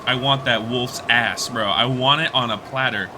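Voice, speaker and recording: A man's voice: medium pitch, normal speed, background noise. A man streaming a video game, bantering loosely with his chat, swearing and laughing often. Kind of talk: casual gaming livestream chat.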